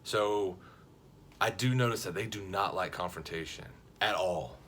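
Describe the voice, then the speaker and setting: A man with a fairly low voice tells a funny story straight to camera. He talks casually and with energy, restarting his sentences and acting out the other people's lines. A faint ambient hum sits behind him. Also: unhurried. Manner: animated, jokey, frequent restarts and quoted voices. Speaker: vlogger telling a story.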